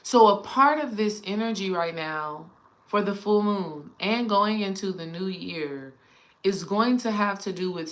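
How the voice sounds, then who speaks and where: A woman spiritual coach talking casually and animatedly to her viewers, addressing them directly. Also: medium pitch.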